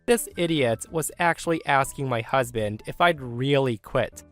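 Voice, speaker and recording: Lively man narrating a story. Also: medium pitch. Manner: lively first-person retelling. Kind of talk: scripted narration of a reader's story.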